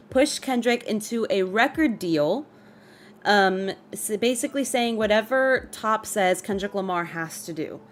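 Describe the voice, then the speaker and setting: A woman's voice: mid-range voice, a little hiss or hum. A woman streaming live, chatting casually about a rap feud, reading lyrics and greeting her chat. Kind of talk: casual livestream commentary.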